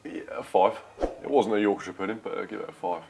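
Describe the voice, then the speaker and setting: A man co-tasting on a casual vlog, answering with dry, deadpan one-liners. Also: fairly low pitch, fairly quick, gravelly, over music. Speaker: co-host taster. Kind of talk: casual chat.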